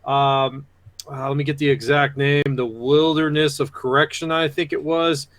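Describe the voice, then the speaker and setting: A man's voice: on the high side, level tone, moderate pace, fairly bright tone, dry recording. A man co-hosting a podcast, talking casually and hesitantly, searching for words. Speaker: podcast co-host. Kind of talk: casual chat.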